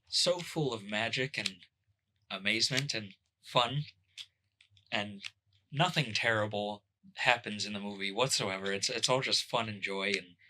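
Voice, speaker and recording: A man co-hosting a podcast, chatting casually with dry, deadpan sarcasm. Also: on the low side, noisy background. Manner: deadpan sarcastic, rambling with fillers. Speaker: podcast co-host. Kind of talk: casual chat.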